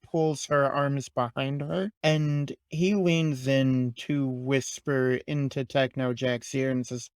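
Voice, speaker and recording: A male game master narrating a tabletop game with measured, descriptive delivery. He talks slowly, and the recording is dry and close. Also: medium pitch, fairly even intonation, clear, resonant tone, dry recording.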